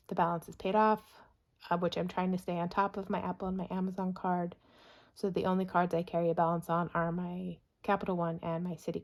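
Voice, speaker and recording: A young woman with a mid-range voice talks through her expenses in a casual vlog. She runs through the figures quickly and keeps reassuring herself along the way. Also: mid-range voice, darkish tone. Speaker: budgeting vlogger. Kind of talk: casual spoken budget review.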